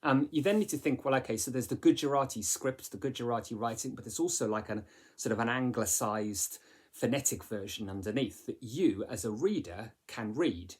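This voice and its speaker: A man's voice: medium pitch, moderate pace, husky. A man teaching a literature lesson in a chatty way, with many fillers and rhetorical questions. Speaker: English teacher.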